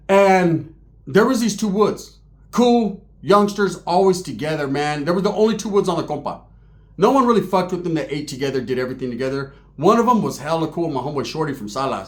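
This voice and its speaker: A man casually telling profane stories about prison and gang life in street slang, often tagging his lines with "right?". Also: on the high side.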